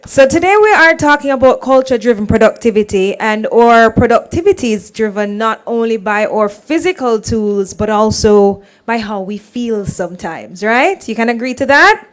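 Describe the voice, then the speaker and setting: A woman's voice: a little high, lively intonation, normal speed, hardly any pauses. A woman emceeing a live forum, upbeat and encouraging as she rallies the audience and introduces speakers. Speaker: event emcee.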